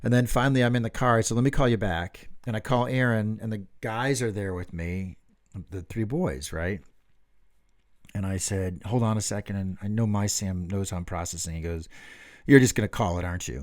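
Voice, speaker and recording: A man's voice: on the low side, moderate pace, no room sound, clean studio sound. A middle-aged man co-hosting a podcast, telling a rambling, swear-filled story in casual chat. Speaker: podcast co-host.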